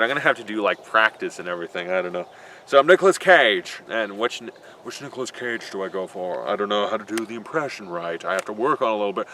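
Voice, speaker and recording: Man, vlog Q&A outdoors, bright voice, loose and joking, swears a lot, faint traffic. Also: fairly low pitch, expressive, quick pace. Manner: rambling, joking, profane. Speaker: vlogger answering viewer questions. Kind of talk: casual Q&A vlog. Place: outdoors in a built-up area.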